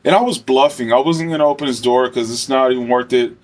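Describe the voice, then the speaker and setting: Guy rambling thru a prison story, cussing a lot, lots of ums and likes, average pitch. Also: quick pace. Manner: rambling, profane, many fillers. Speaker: former correctional officer. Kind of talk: casual storytelling.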